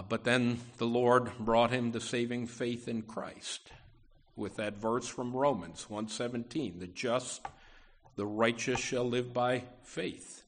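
A man's voice: a little high, fairly bright tone. A middle-aged man preaching a sermon, talking through scripture off the cuff with frequent restarts. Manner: unscripted delivery with fillers and restarts, quoting scripture.

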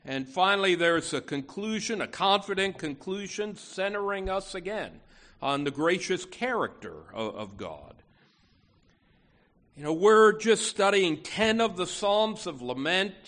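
A man's voice: high-pitched, lively intonation, unhurried, a bit bright. A man preaching a sermon to his church, earnest and emphatic, often restarting phrases as he goes. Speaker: pastor.

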